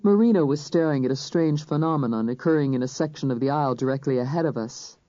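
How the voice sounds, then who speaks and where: An audiobook narrator reading a crime thriller in first person, measured and even. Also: mid-range voice, dry recording. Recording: dull, dry studio recording.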